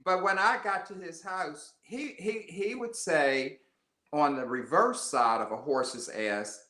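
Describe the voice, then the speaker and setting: An older American man, guest on a conversational storytelling interview, tells stories in a bright, forceful, middle-pitched voice. His unhurried talk is lively and rambling, full of restarts and asides, and the sound echoes around the room.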